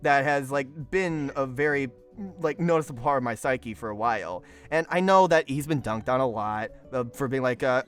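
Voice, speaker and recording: A man's voice: mid-range voice, normal speed, a bit bright, soft background music. A man hosting a casual group chat, rambling with lots of fillers and frequent laughs. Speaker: podcast host.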